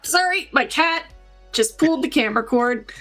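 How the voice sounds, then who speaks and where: A woman's voice: high-pitched, animated, normal speed, music in the background. A woman player in a tabletop game, talking casually and a bit unsure.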